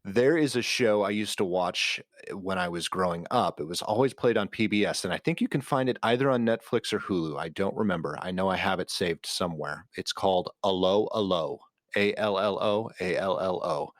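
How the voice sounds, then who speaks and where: A man's voice: low voice, brisk, hardly any pauses, no echo, studio quality. A man co-hosting a podcast in casual chat, rambling with many fillers as he keenly recommends things. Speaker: podcast co-host.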